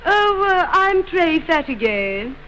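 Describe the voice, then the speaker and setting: A woman's voice: extremely high pitch, sing-song, slow, pushed and bright, slight background noise, poor audio. Drawling woman with a put-on posh English accent. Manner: affected, languid, drawling. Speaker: film actress in a trailer. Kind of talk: 1920s scripted film comedy.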